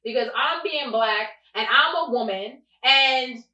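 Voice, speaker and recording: A young woman talks in a bright, lively voice, telling her stories with plenty of emphasis. She sits a little back from a dull-sounding mic, so the room's echo carries around her. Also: a little high, measured pace. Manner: animated, emphatic storytelling. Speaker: podcast co-host. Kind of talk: casual podcast chat. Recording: echoey room, distant and dull mic.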